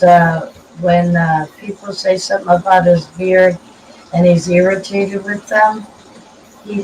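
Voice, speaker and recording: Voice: mid-range voice, recorded from a distance, a little hiss or hum, rough recording. A panel guest chatting casually and matter-of-factly, often trailing off and restarting. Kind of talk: casual chat.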